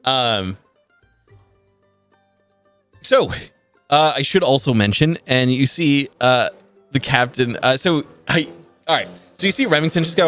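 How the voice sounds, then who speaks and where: Animated male game master, rambling. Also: mid-range voice, measured pace, pauses often, soft background music. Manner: rambling with many fillers, laughing and cursing. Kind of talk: narrating a tabletop game.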